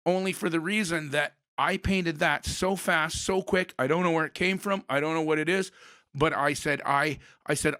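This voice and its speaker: A man hosts a relaxed conversation, slipping into other people's voices as he spins his stories. His voice sits a little high for a man and comes across bright and forceful. The recording is dry and close, with no room sound. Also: normal speed, no echo. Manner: animated storyteller, acts out voices in anecdotes. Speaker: podcast host. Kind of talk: casual chat.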